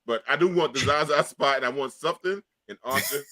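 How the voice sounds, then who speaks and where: A man's voice: a little high, brisk, pushed and bright. A man co-hosting, joking loosely in slangy casual banter. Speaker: podcast co-host.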